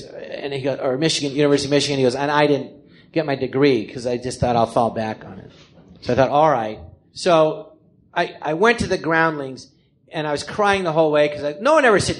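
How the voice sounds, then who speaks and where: Animated American man telling comedy stories. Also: a little high. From Los Angeles, California. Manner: animated, acts out quoted people in different voices. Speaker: comedian telling his life story. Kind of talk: live comedic storytelling. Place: live theatre stage before an audience.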